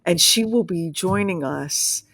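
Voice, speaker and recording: A woman co-hosting a podcast livestream, talking in a chatty, animated way and laughing often. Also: on the low side, a little slow, vocal fry, slight background noise. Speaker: podcast co-host. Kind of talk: casual livestream chat.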